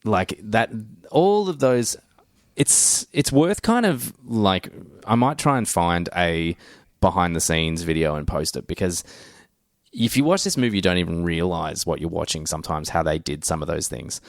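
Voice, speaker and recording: A man's voice: low-pitched, lively intonation, moderate pace, no echo, studio quality. A man co-hosting a podcast, chatting casually and enthusiastically about a film, rambling with fillers and restarts. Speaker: podcast co-host. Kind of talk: casual movie chat.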